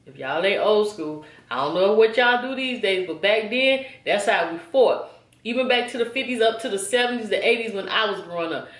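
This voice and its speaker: A woman in her forties telling a story to her viewers in a chatty, animated way, often checking in with them. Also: medium pitch, brisk, reverberant. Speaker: vlogger. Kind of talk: casual storytime.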